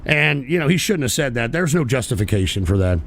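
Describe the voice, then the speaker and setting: Fast-talking and sing-song at medium pitch, this livestream show host rants angrily, swearing in exasperation with stammering restarts.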